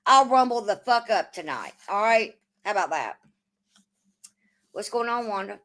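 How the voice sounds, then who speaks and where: A woman's voice: medium pitch, lively intonation, moderate pace, fairly bright tone. A woman hosting a casual livestream, swearing often and arguing back at her chat. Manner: profane, combative, answers chat. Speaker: livestream host.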